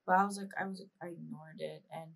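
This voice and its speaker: A woman's voice: low voice, steady tone, quick pace, gravelly, fairly bright tone. A young woman co-hosting a podcast, chatting casually and telling stories with lots of "like" and restarts. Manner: chatty, storytelling with frequent "like" and restarts. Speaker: podcast co-host. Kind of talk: casual chat.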